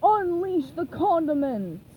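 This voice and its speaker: A woman voicing a greedy, gruff male crab restaurant boss who barks orders. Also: sits high, big pitch swings, takes it slowly, phone-quality sound, a little hiss or hum, full character voice.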